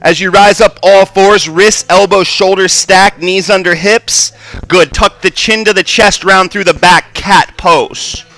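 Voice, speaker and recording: A man leading a live yoga class in a studio, calmly cueing poses and breathing with frequent "right?" and "good". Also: high voice, a little slow. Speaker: yoga instructor.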